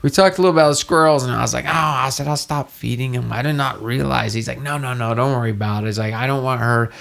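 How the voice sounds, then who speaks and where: A man's voice: medium pitch, fairly even intonation, fast talker, gravelly, fairly bright tone. A man co-hosting a casual podcast, telling a rambling story and acting out the dialogue. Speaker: podcast co-host. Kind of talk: casual chat.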